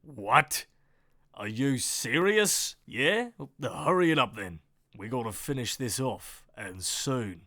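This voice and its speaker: A man voicing a brash, deep-voiced Australian man with a put-on Australian accent and a gruff, bossy manner. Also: lively intonation, slow pace, sharp tone, dry recording, clean studio sound. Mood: impatient.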